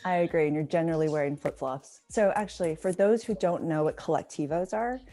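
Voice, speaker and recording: A woman's voice: sits low, brisk, warm tone. A woman hosting a travel vlog, chatting casually and asking her guest questions. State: out of breath. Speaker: travel vlogger host. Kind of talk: casual interview chat.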